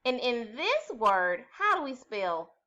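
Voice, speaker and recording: A woman teaching first grade phonics, patiently sounding out each letter slowly and clearly. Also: a little high, very animated, bright, forceful tone, dull audio. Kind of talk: slow, clearly articulated classroom instruction.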